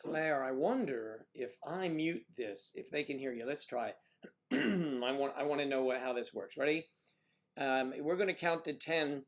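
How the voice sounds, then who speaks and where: An American man hosting a casual livestream, rambling and often clearing his throat while he fiddles with the audio. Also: mid-range voice, lively intonation, a little slow. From United States. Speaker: livestream host.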